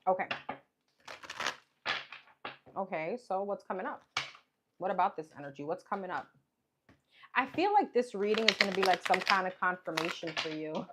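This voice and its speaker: A woman talks through a tarot reading in a loose, musing way, speaking her thoughts aloud and circling back with "okay" as each card comes up. Her voice sits at an ordinary middle pitch for a woman. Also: animated, fairly quick, background noise. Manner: chatty, musing, repeats "okay" and "what's coming up" while pulling cards. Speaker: tarot reader.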